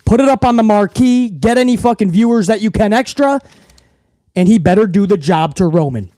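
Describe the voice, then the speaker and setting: A man's voice: high voice, lively intonation, fairly quick, warm tone, no room sound. A man hosting a wrestling livestream, talking casually and profanely straight to his viewers.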